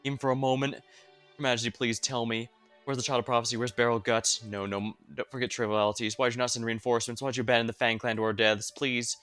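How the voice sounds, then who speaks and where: A man playing a furious fairy lord of a fanged clan, bellowing in a fast, driven rush over soft game music. He is loyal to the bone and betrayed, and he sounds it. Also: mid-range voice, flat delivery, clean tone, close to an everyday voice. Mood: pleading. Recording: faint game music behind.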